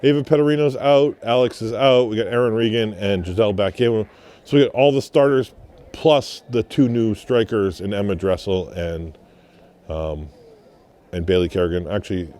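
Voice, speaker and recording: A man's voice: on the low side, warm tone. Man calling a local soccer game. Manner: conversational, with coaching asides. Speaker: play-by-play commentator. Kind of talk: local sports commentary. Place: high up above a field, outdoors.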